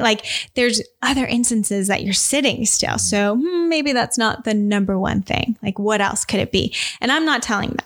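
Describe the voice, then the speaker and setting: Lively, expressive woman physical therapist. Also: a little high, normal speed, few pauses. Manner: energetic and expressive, acting out patients' voices. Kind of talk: conversational interview answers.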